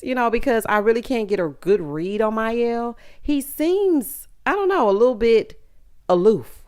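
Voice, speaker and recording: A woman's voice: mid-range voice, clean tone. A woman with a Southern US accent, recapping a reality show in a sassy, chatty way with asides to her viewers. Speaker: recap vlogger.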